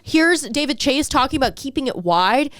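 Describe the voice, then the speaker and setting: A woman's voice: high-pitched, lively intonation, moderate pace, a bit bright, dry recording, clean studio sound. A young woman co-hosting a podcast, ranting in an emphatic, profane, casual way. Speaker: podcast co-host. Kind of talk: casual chat.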